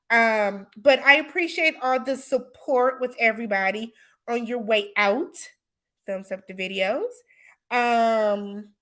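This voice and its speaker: A woman hosting a casual livestream, her voice bright and a little high. She chats loosely with viewers, answers their comments and laughs often. Her easygoing speech is full of y'all and imma. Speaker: livestream host.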